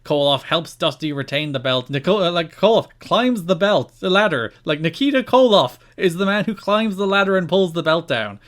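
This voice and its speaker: A man's voice: high voice, normal speed, hardly any pauses. Enthusiastic young man, podcast co-host. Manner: enthusiastic, animated storyteller who acts out quotes. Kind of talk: casual chat recapping wrestling shows.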